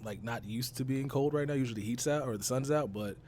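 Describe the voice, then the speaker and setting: A man's voice: mid-range voice, quick pace, darkish tone. A man from Texas hosting a casual gaming podcast, talking loosely and rambling with easy laughs. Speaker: podcast host.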